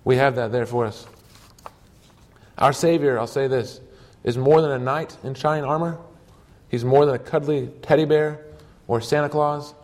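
A man's voice: mid-range voice, fairly even intonation, normal speed, a little mellow. A man preaching a sermon, telling stories earnestly in short emphatic phrases.

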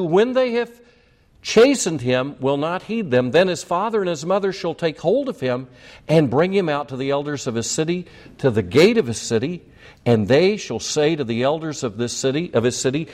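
A man's voice: a little high, a little mellow. A man preaching a sermon, emphatic and repeating his points with rhetorical questions. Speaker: pastor.

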